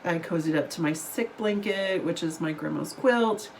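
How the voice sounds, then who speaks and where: Chatty woman with a low-pitched voice. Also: moderate pace, gravelly, a little hiss or hum, poor audio. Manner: chatty, rambling, giggly. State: recovering from illness. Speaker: book vlogger. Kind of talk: casual chat to camera.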